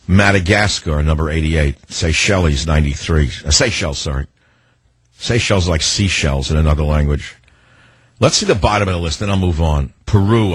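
Older male talk host, low husky voice, sardonic and rambling, dry booth sound. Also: no echo. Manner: rambling, sardonic, free-associating. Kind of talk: opinionated talk radio monologue.

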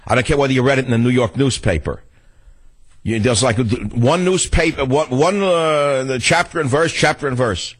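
Older man, radio talk host monologue, husky, lowish voice, dry close sound, ranting and repeating himself. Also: normal speed, no echo, low-quality recording. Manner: ranting, repetitive, swings high for emphasis.

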